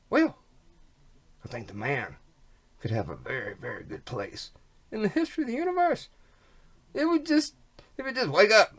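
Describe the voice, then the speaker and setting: Lively rambling vlogger with playful rhymes. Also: mid-range voice. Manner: rambling, rhyming wordplay, folksy slang; repeats words, trails off. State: coughing, snotty. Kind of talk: rambling monologue.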